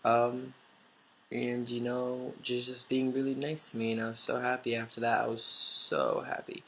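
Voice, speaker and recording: A man's voice: mid-range voice, completely flat delivery, moderate pace, vocal fry, a little hiss or hum. A man with a stuffy nose telling a personal story in a casual, rambling vlog, full of "like" and offhand swearing, recorded on a camera mic. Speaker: vlogger.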